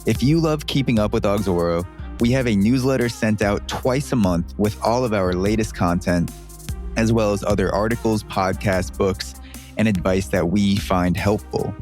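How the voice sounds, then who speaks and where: A man hosting a podcast, reading a measured intro and then chatting with guests. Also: fairly low pitch, darkish tone. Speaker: podcast host. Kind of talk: scripted podcast intro and casual interview.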